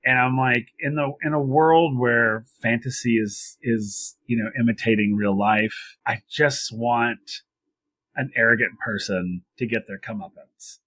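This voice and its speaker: A man's voice: medium pitch, fairly even intonation, a little slow, bright, forceful tone. A man co-hosting a wrestling podcast in casual chat, talking freely with frequent laughs and restarts. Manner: chatty, laughs often, repeats himself. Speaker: podcast co-host.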